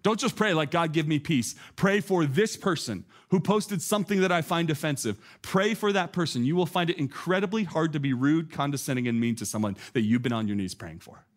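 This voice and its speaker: Man preaching in a chatty, animated way. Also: fairly high pitch, brisk, few pauses. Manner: conversational, animated preaching with frequent "like" and asides. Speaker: pastor. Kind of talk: sermon.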